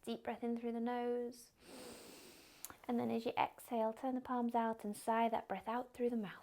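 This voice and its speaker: A young woman teaching a yoga class, giving calm, gently encouraging cues. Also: on the high side, normal speed. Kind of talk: guided yoga instruction.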